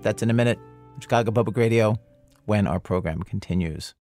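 A man's voice: fairly low pitch, a little fast, darkish tone, faint music behind. Man hosting a narrated radio show.

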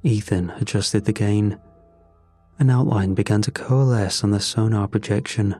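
A man narrating a first-person horror story in a measured, grim way. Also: fairly low pitch, mellow, breathy edge, no echo.

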